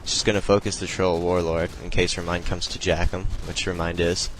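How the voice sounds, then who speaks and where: Low flat-voiced man explaining a game replay. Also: a little fast, a little hiss or hum, low-quality recording. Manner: loose, rambling, filler-heavy explaining. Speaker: replay commentator. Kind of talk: casual strategy game commentary.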